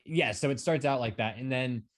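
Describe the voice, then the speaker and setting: A man's voice: mid-range voice, moderate pace. A man co-hosting a film talk show, rambling through a movie review in casual chat, full of fillers and restarts.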